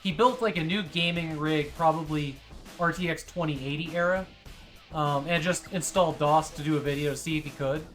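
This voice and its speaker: A woman's voice: sits low, brisk, soft background music. A woman hosting a casual stream, rambling with lots of fillers and gushing over her dog. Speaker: streamer host.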